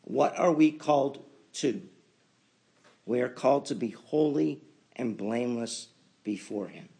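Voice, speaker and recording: A man preaching a sermon as pastor, building to emphatic loud peaks and then dropping to quiet asides. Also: medium pitch, expressive, measured pace, creaky, breathy edge.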